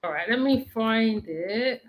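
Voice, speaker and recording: A woman with a high, bright voice chats casually as host. She is animated, laughs a lot and goes back over her own words, flitting between topics. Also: slow. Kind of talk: casual chat.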